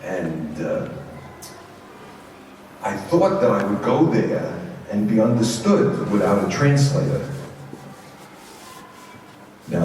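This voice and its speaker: Low-voiced man with a Brooklyn accent. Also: warm tone. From Brooklyn, New York. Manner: conversational and anecdotal, with frequent repeated words and restarts. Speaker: university president giving a guest talk to students. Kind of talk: informal speech to an audience. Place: large echoey school hall. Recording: echoey hall, distant mic, faint noise.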